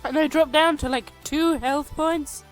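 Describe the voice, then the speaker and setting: High-voiced young woman telling a game story. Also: steady tone, measured pace, faint music behind. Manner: rambling, self-mocking, crude jokes. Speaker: storyteller recounting a tabletop game. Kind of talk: casual narrated storytelling. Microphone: cheap home microphone.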